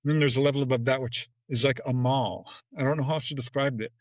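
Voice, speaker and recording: A man in a relaxed interview who tells his stories with plenty of animation. He acts out the dialogue and jumps up in pitch when he quotes, with frequent little laughs. His voice sits in a middle register, recorded close and dry with no room sound. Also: fast talker, no room sound, rough recording. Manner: laughs often between phrases. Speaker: podcast guest. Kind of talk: casual storytelling in an interview.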